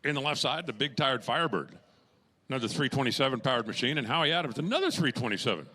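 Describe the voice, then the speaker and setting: Bright-voiced, jokey drag strip announcer man. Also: mid-range voice, animated, fast talker. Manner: jokey, chatty asides and puns between races; raises his voice during launches and finishes. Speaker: drag racing track announcer. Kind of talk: live race commentary.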